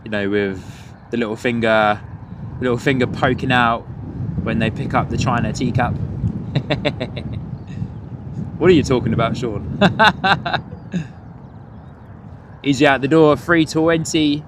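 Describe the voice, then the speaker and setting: A man's voice: mid-range voice, fairly even intonation, slow pace, pauses often. A man hosting a live plane-spotting stream outdoors, chatting with viewers and laughing often. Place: outdoors by an airport on a cold windy morning. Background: wind and outdoor ambience.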